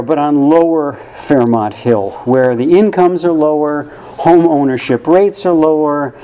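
A man's voice: a little high, mellow, muffled recording. A man giving a conversational sermon to a church congregation, thoughtful and wry with casual asides. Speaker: worship service speaker.

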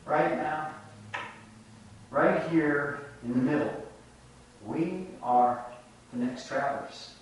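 A man preaching a reflective sermon, telling a folk tale and drawing lessons from it, recorded from a distance. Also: fairly high pitch. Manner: reflective, measured storytelling. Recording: echoey room from a distant mic.

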